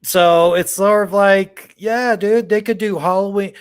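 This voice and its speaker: A man hosting a horror movie livestream, chatting casually with viewers in a rambling, excitable way and swearing now and then. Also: high voice, a little slow, smooth. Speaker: horror channel livestream host.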